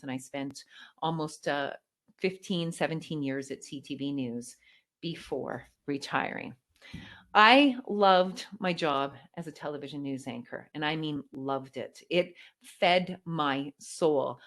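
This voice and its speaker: A middle-aged Canadian woman gives a motivational keynote speech. Her voice is slightly low, with a polished broadcaster quality and lively emphasis in her storytelling.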